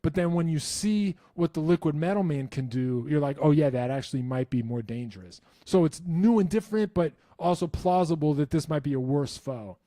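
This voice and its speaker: A man's voice: a little high, animated, fairly quick, few pauses, dark tone, no echo, studio quality. A man hosting a casual live stream, answering viewer questions in a rambling, self-interrupting way with wry enthusiasm.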